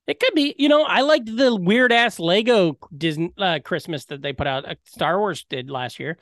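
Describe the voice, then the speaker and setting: A man's voice: high-pitched, normal speed, fairly bright tone, dry recording, studio quality. A man co-hosting a podcast, telling rambling, profane comic stories in casual chat. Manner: rambling, profane, jokey storyteller. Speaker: podcast co-host.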